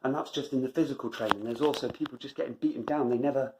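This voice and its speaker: A man's voice: medium pitch, fast, noisy background. A man delivering an emphatic motivational monologue as a running vlogger, driving points home by repeating phrases.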